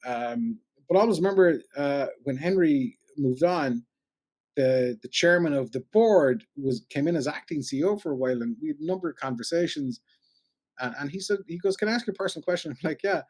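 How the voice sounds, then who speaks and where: A middle-aged man with a Cork Irish accent, a radio broadcaster telling animated anecdotes in a casual chat and acting out the voices he quotes. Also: a little high, normal speed. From Ireland. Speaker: podcast guest, radio broadcaster.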